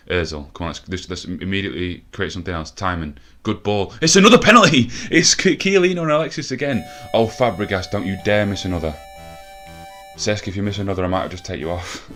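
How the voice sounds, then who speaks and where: Young guy, low voice, out of breath, swearing and yelling over a football game, faint music behind. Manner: swears a lot, shouts when excited. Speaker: gaming commentator. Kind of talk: live video game commentary.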